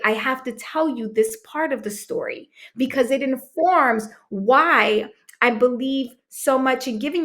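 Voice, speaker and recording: A woman in her thirties, a podcast guest, telling a personal story emphatically, with dramatic pauses. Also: sits high, a bit bright. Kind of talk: storytelling in a conversation.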